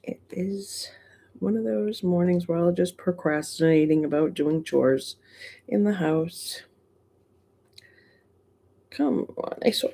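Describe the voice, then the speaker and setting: A woman's voice: fairly low pitch, vocal fry, dark tone, husky. A middle-aged woman with a Boston accent, hosting a live stream in casual chat, greeting viewers and laughing often.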